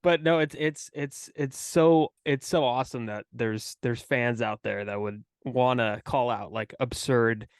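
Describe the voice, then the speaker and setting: A man's voice: medium pitch, clean tone, no echo, studio quality. A man hosting a podcast, chatting eagerly like a devoted fan. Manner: eager, fan-like, quick asides. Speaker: podcast host. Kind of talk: casual chat.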